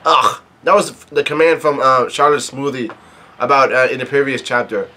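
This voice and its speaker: A man casually reading a comic chapter aloud, halting and often correcting himself. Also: medium pitch, fairly even intonation, pushed and bright. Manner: halting, with many restarts and self-corrections. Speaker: manga reader and video host.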